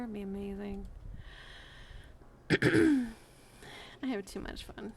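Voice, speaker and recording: Slow, gravelly-voiced playful woman streamer. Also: medium pitch, slight background noise. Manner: playful, chatty, self-amused. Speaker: art streamer. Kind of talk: casual chat while drawing.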